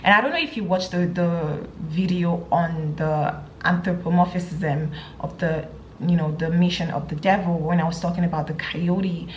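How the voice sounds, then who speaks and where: Casting: woman bible teacher, lowish voice, halting delivery full of fillers, roomy echo. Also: fairly even intonation, dull audio, slight background noise. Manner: hesitant, many fillers and restarts. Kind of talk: reading scripture and teaching.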